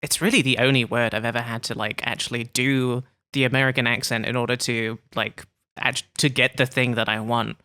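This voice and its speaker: A man's voice: mid-range voice, flat delivery, fairly quick, hardly any pauses, pushed and bright, no echo. A man hosting a podcast, chatting casually and telling playful anecdotes. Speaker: podcast host. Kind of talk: casual chat.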